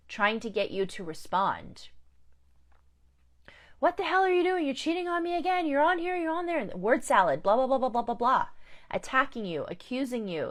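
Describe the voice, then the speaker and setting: A woman's voice: lowish voice, fairly bright tone. A woman life coach giving a candid, emphatic live talk, repeating her key points. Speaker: life coach and survivor advocate.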